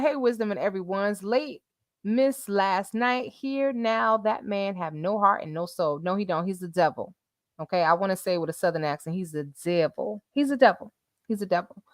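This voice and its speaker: A woman hosting a casual live stream, reading messages and viewer comments aloud with animated, laughing commentary. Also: mid-range voice, no echo, studio quality.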